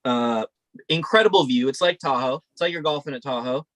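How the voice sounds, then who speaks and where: A man's voice: mid-range voice, a little fast, fairly bright tone, no room sound. A young man co-hosting a podcast, telling a rambling, profane story in casual chat. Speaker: podcast co-host.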